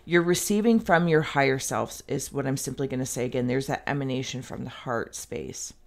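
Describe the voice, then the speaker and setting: A woman talks the viewer through a tarot reading in a rambling, meandering way, with plenty of "like." Her voice has a gravelly, creaky edge. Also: extremely low pitch, brisk. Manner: speaks directly to the viewer. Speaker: tarot reader.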